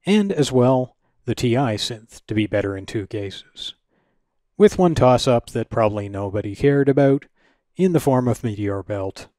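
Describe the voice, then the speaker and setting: A man's voice: medium pitch, dark tone, dry recording. A man hosting a retro computing channel, narrating a scripted review in a dry, wry, analytical way.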